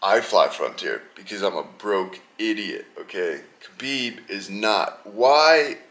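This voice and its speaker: A young man hosting a podcast, talking casually and rambling in an animated, slangy way about an upcoming fight card. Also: lowish voice, takes it slowly. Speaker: podcast host. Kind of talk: casual sports chat.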